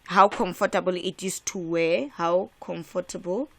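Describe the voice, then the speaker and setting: A woman's voice: lowish voice, steady tone, normal speed, gravelly, fairly bright tone. A woman from South Africa teaching an exam revision lesson, emphatic and repetitive, with frequent restarts. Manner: emphatic, repeats key points, frequent filler restarts.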